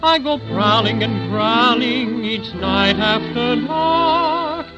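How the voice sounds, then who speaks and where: An actor playing a small, good-natured male teddy bear with an Irish brogue, who sings a slow growling rhyme and chats kindly. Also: very high voice, lively intonation, loud music behind the voice, full character voice. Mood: sing-song. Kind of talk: 1930s radio acting. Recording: dull old radio recording.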